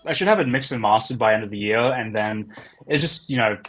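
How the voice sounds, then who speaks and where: A man, a musician guest in a casual conversational interview, giving relaxed, fairly brief answers. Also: fairly low pitch, fairly quick, low-quality recording. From Australia.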